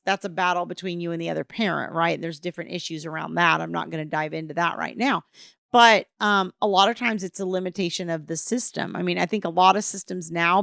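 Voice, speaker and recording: A woman's voice: lowish voice, gravelly, a bit bright, no room sound, clean studio sound. A woman coaching parents through divorce, talking casually and acting out what people might say. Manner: casual, conversational, acts out quoted dialogue. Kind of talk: advice talk to camera.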